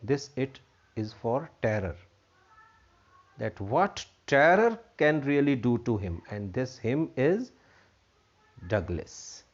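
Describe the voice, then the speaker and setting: Man, English teacher, slow deliberate talk, repeats and defines words, dull lo-fi sound. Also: mid-range voice, big pitch swings. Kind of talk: explaining a textbook lesson. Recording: dull lo-fi recording.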